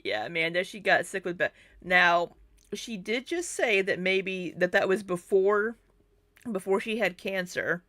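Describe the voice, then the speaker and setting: A woman's voice: mid-range voice, expressive, unhurried, fairly bright tone, no echo, studio quality. A woman hosting a reaction commentary, chatting about clips and often breaking into laughter. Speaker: commentary channel host.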